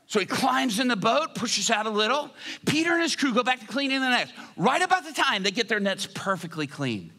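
A man preaching with a bright, high voice that swings widely up and down. He tells stories in an animated, joking way during a church service. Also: a little fast. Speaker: guest preacher. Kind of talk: sermon.

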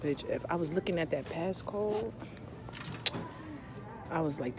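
A woman ranting loudly and profanely in a casual vlog, telling an animated story. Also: sits low, unhurried, background noise. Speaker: tarot vlogger. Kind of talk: casual rant to camera.

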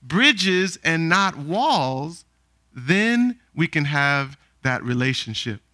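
High bright-voiced male preacher. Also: sing-song, takes it slowly, no room sound. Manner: calls for responses from the congregation. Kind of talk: sermon.

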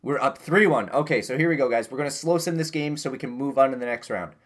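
A young man casually commentating his own video game season, getting loud when excited and muttering when disappointed. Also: medium pitch, quick pace. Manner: excitable, swings between yelling and muttering. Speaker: gaming YouTuber.

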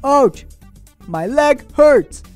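A woman voicing a cheerful, boastful young hero in a fan-made game video, excited and playful. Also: high-pitched, extremely slow, faint music behind, full character voice.

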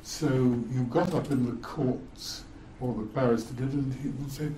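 A man's voice: mid-range voice, steady tone, measured pace, mellow, a little hiss or hum. An older man, a former lawyer, telling stories in a wry, amused way as a guest speaker. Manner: wry, amused, chuckles through his stories. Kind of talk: anecdotal storytelling. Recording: roomy echo.

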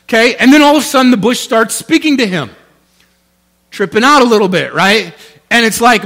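A male pastor preaching a sermon in an animated, conversational way, often checking in with his listeners. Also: extremely high pitch, moderate pace, creaky.

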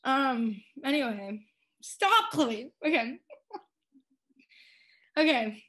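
A woman's voice: sits high, moderate pace, sharp tone. A woman in her twenties giving an emotional tribute to a departing friend in her singing group, crying and laughing through her words with many fillers. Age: 20s. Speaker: a cappella group member giving a senior tribute.

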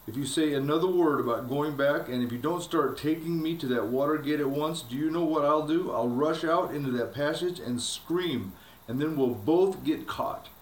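A man's voice: on the high side, moderate pace, close to an everyday voice. A man voicing a determined young runaway girl who gives urgent orders as he reads a storybook aloud. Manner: urgent and commanding. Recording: echoey room, faint background hiss.

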